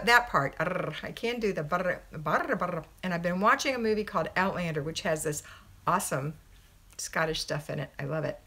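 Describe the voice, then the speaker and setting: A chatty middle-aged American woman talking to viewers on a live stream from her home. She keeps an upbeat, friendly manner, reading off names and giving practical household tips, her pitch sitting in an ordinary middle range. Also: bright, forceful tone, a little hiss or hum. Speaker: homemaking coach and livestream host. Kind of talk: casual live-stream chat, greeting viewers then giving advice.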